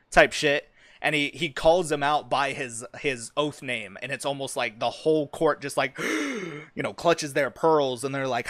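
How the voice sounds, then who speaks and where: A man's voice: mid-range voice, measured pace, fairly bright tone, no room sound. A man streaming, talking casually and profanely about a fantasy world he is building, with lots of fillers and restarts. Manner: rambling, profane, many fillers.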